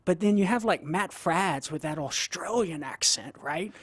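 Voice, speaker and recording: A man's voice: high-pitched, a little slow, fairly bright tone, slightly rough, dry recording. A man from southern Louisiana with a Cajun accent, a guest on a radio show, talking casually and laughing often as he explains a Bible passage. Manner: laughs often, folksy and earnest. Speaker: guest apologist.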